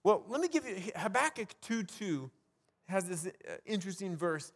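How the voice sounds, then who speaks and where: Male pastor, higher pitch, casual preaching style full of restarts, recorded in a reverberant hall. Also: sing-song, moderate pace, husky. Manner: conversational preaching with frequent restarts and rhetorical questions. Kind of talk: sermon.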